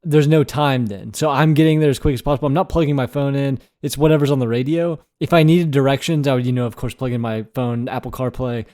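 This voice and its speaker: A man's voice: mid-range voice, steady tone, fast talker, few pauses, mellow. A young man co-hosting a podcast, chatting casually and rambling a bit with hesitant restarts. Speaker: podcast co-host. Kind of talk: casual banter.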